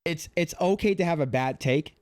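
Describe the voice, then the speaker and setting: A man with a rather high voice reacts to a video on his livestream, swearing freely and circling back over his own words in disbelief. His outbursts are blunt and exasperated. The sound is dry and close, with no room echo. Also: normal speed. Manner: profane, exasperated, repeats himself. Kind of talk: casual reaction commentary.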